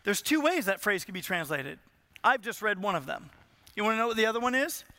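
A man's voice: high-pitched, sing-song, brisk, pushed and bright, no room sound. A man from Southern California preaching a sermon as a pastor, telling a personal story and acting out pleading prayers.

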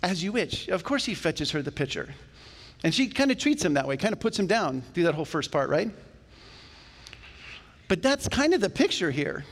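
A male pastor preaching a sermon in a church, talking to the congregation in a conversational, animated way with jokes along the way. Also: a little high, normal speed, long pauses. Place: church sanctuary. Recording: long reverb of a church hall.

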